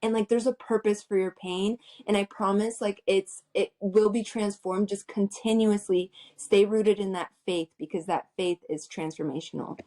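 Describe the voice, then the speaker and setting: A woman's voice: mid-range voice, steady tone, normal speed, hardly any pauses, dark tone. A young woman co-hosting a podcast, speaking in an earnest, encouraging way. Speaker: podcast co-host. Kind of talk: casual chat.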